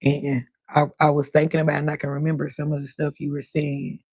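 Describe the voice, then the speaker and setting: A woman in her fifties chatting on a livestream as host, telling animated stories with plenty of cussing. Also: sits low, quick pace, husky, dry recording. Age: 50s. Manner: chatty, animated storytelling with cussing and quoted voices. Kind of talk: casual livestream chat.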